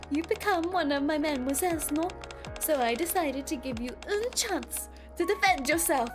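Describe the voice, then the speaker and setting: A woman doing a smug villain with a French accent. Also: high-pitched. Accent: put-on French. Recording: game music playing loudly behind.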